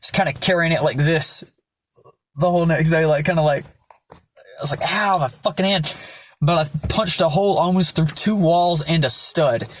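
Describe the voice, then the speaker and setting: A man's voice: on the high side, moderate pace. Blunt young man telling his story. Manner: blunt, heavy swearing, rambling asides. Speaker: vlogger. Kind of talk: candid personal storytelling.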